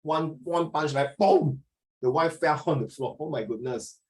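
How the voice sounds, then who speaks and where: Teaching an online class over video call, a middle-aged man tells stories in an animated, chatty manner and drifts into Mandarin. He has a Singaporean English accent, a fairly high pitch, and a moderate pace, captured in a rough recording.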